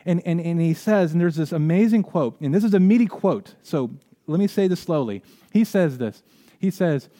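A man preaching a sermon as pastor, earnest, often repeating words and rising in pitch and volume when he stresses a point, then closing in prayer. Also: expressive, a little fast, warm tone.

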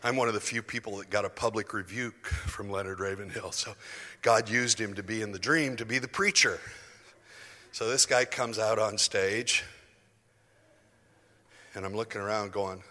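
A man's voice: fairly low pitch, moderate pace, long pauses, bright, forceful tone, long reverb tail. A man preaching a sermon in a church auditorium, telling a story with feeling and building to emphatic declarations.

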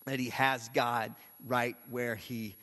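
A man's voice: medium pitch, little pitch movement, slow, fairly bright tone. A man preaching a sermon in a large hall, earnest and repeating phrases for emphasis. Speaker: pastor. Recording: echoey hall with long reverb.

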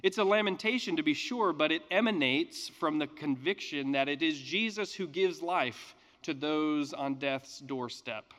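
A man reading scripture and preaching a sermon in a measured, earnest way with emphatic pauses. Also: fairly high pitch, fairly bright tone, in a large hall. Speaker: pastor.

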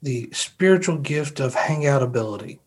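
An easygoing man with an ordinary mid-range voice chats plainly on a podcast. He talks in a relaxed, unhurried way. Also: mid-range voice, breathy edge. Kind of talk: casual chat.

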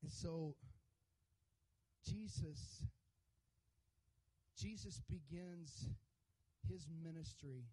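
Man, pastor, high mellow voice, sermon, emphatic call-and-response preaching. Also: extremely slow, pauses often, poor audio. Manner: conversational asides with humor. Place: church sanctuary.

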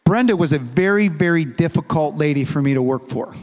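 A man's voice: fairly high pitch, brisk. A man, a pastor, preaching a sermon in a casual, humorous way, telling stories and acting out the dialogue. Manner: animated storytelling with acted-out dialogue; conversational and humorous. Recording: long reverb of a large hall.

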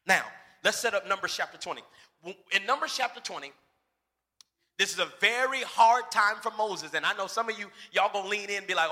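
A man preaching a lively sermon, acting out the voices of bible characters and shouting for emphasis. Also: high voice, a little fast. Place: church sanctuary. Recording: reverberant church hall.

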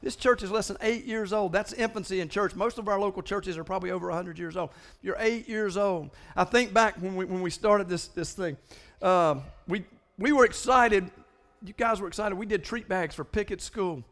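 Male pastor, high voice, animated and stumbling sermon delivery. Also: moderate pace. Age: older than most listeners. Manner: animated, repeating words in bursts.

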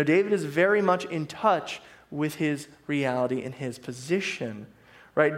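A man delivers a sermon in an easy, conversational way, his voice sitting a little higher than most men's. He keeps checking in with listeners, tagging his points with a quick "right?". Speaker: preacher.

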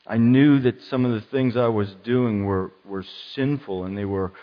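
A man preaching a sermon as pastor, lively and dramatic, acting out the voices of the people in his story. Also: medium pitch, moderate pace. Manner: animated, acts out quoted voices. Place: church. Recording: muffled church hall sound with long reverb.

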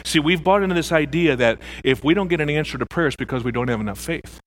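A man preaching a sermon as pastor, animated, acting out the voices in his stories. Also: on the high side, fast talker, hardly any pauses.

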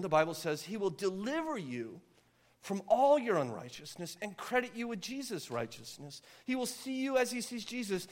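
A man preaching a sermon as pastor, impassioned and earnest, building to near-yelling and then softening. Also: high voice.

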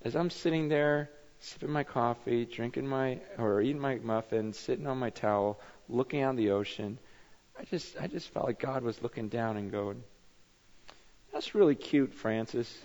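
A man's voice: mid-range voice, normal speed, a little mellow. A man preaching a sermon in a conversational storytelling way, often repeating words and building to emphatic passages. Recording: dull sound with long reverb in a hall.

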